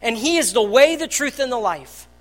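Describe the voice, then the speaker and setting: A pastor giving a sermon in a church, earnest, moving between soft, hushed passages and loud, emphatic ones. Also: mid-range voice, lively intonation, moderate pace. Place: church hall.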